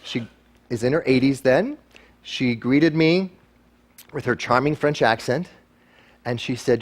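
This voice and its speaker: A man gives a motivational talk to a live audience, slipping into quick impressions of the people he quotes. His delivery is playful and self-deprecating, with a voice of ordinary middle pitch. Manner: animated, acts out quoted voices. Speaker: guest speaker.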